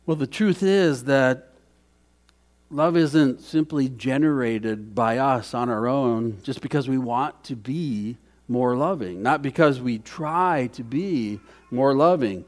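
A man preaching a sermon as pastor, earnest, repeating key phrases and dropping softly for emphasis. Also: medium pitch, slow pace.

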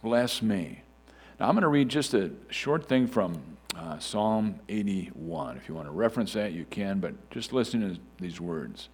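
A man's voice: sits low, lively intonation, normal speed, few pauses, darkish tone, breathy edge. A man preaching a sermon in a conversational way, with frequent fillers and restarts. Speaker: pastor.

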